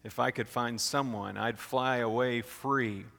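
A man's voice: medium pitch, fairly even intonation, measured pace, gravelly, fairly bright tone. A man voicing a lazy, scheming female bird in a storybook read-aloud, with a sing-song, coaxing manner. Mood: bored. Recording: long hall reverb.

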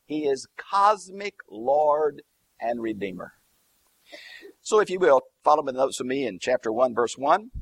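A man's voice: medium pitch, a little slow, vocal fry, dry recording. A man teaching through a Bible passage verse by verse, explaining Greek and Hebrew terms with emphatic lists. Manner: lively, swooping emphasis on key words.

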